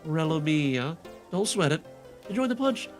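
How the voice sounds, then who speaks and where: Man voicing a boastful impostor storyteller, pompous, high and lively, game fan voice-over. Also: measured pace, soft background music. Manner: grandiose, showy storytelling.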